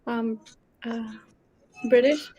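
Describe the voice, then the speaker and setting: Playful female co-host, slightly high, mellow tone. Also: fairly even intonation, extremely slow, husky. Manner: playful, teasing, giggly. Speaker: stream co-host. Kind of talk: casual live chat.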